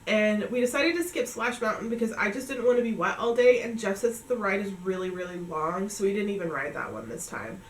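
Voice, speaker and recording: A woman's voice: medium pitch, lively intonation, brisk, few pauses, reverberant, distant mic, a little hiss or hum, poor audio. A woman in her thirties from New England, telling a long trip story in a chatty way, full of "like" and acted-out dialogue. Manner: chatty, filler-heavy retelling with quoted dialogue. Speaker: family vlogger. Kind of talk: casual storytelling recap.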